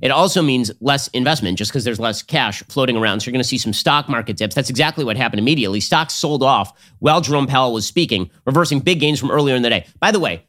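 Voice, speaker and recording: A man's voice: medium pitch, lively intonation, a bit bright. A man hosting a political commentary show, talking in a sarcastic, combative monologue. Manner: sarcastic, rapid-fire, combative.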